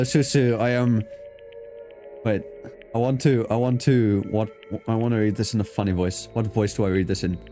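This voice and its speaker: A man's voice: on the low side, mellow. A man casually chatting and joking with a friend while streaming a game. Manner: joking, laughs a lot, swears. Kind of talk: casual let's-play chat.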